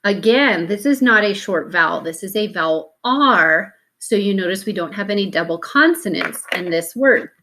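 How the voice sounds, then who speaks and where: A woman's voice: medium pitch, animated, moderate pace, hardly any pauses, sharp tone. A woman teaching a phonics lesson, patiently sounding out letters one at a time and breaking words into syllables.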